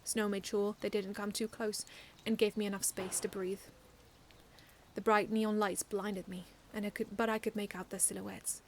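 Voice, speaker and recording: A woman's voice: medium pitch, moderate pace, a little hiss or hum. Woman earnestly reading her own story. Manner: earnest, expressive reading with frequent restarts. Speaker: fan fiction author reading aloud. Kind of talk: first-person story reading.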